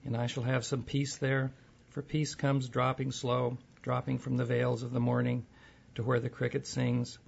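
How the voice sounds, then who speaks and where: A man speaking slowly and softly in halting, thoughtful phrases. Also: medium pitch, monotone, vocal fry, husky. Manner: slow, halting, soft-spoken. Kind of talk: casual conversation and poetry reading. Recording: dull lo-fi recording.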